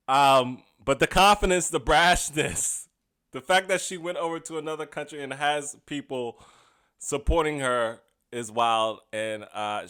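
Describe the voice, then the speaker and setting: A man's voice: medium pitch, a bit bright, clear, resonant tone. A comedian and podcast host giving a casual comedic monologue. He is chatty and often laughs at his own jokes.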